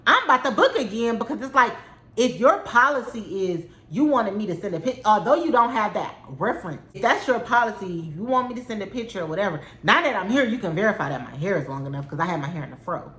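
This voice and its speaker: A woman's voice: medium pitch, fast talker. A young woman telling a story to camera in a casual, indignant, exasperated way. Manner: animated, indignant, exasperated, frequent "like". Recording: echoey room.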